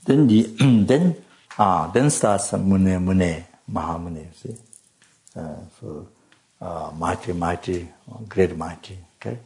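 Slow, gravelly-voiced Buddhist teacher, a man. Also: low-pitched, darkish tone. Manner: halting, many fillers and restarts; frequent coughs and throat-clearing. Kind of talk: dharma talk.

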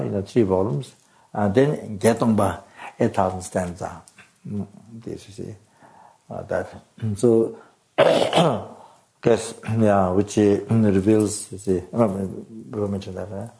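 A man giving a Buddhist Dharma teaching, speaking haltingly with many fillers, repeated words, throat-clearing and coughs. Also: fairly low pitch, a little mellow, poor audio.

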